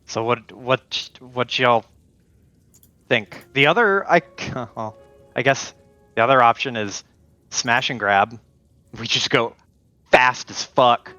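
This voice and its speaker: A man's voice: medium pitch, slow, long pauses, sharp tone, no echo, muffled recording, soft background music. A man playing a tabletop game, brainstorming plans and thinking aloud in casual chat.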